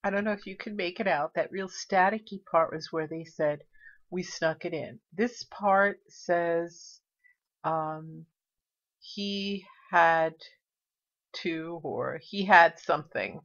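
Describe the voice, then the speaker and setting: A woman's voice: lowish voice, slow pace, fairly bright tone, lo-fi sound. A woman vlogger narrating casually, chatty and explaining each step. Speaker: paranormal vlogger.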